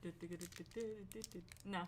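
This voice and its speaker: A woman's voice: fairly low pitch, fairly even intonation, fairly quick. Giggly woman, faint background hiss. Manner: giggly, reads aloud with filler words. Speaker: podcast co-host. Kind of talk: casual chat.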